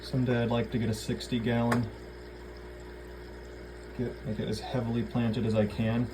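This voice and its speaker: A man's voice: mid-range voice, little pitch movement, moderate pace, background noise. A man casually vlogging at home by his aquariums, rambling, swearing offhandedly and talking to his fish. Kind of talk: casual vlog chat.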